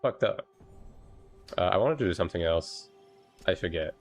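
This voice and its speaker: French-accented male game streamer, lively. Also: low-pitched, normal speed, soft background music. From France. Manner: relaxed, swears casually, answers chat while playing. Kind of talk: casual live-stream chat.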